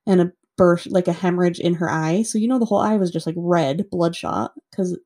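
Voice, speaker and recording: A woman with a somewhat low, warm, mellow voice tells a true-crime story in a loose, conversational way. She fills her talk with "like" and swears without hesitation. The delivery is relaxed chat between co-hosts rather than scripted narration. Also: fairly quick. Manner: chatty, lots of "like", swears freely.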